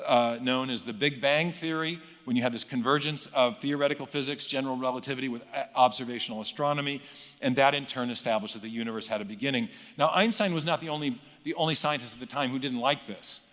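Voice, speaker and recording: A man's voice: medium pitch, fairly bright tone. Middle-aged man lecturing in a reverberant hall. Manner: measured, lecturing, with self-corrections. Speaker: guest explaining science history. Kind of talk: recorded interview clip, storytelling explanation.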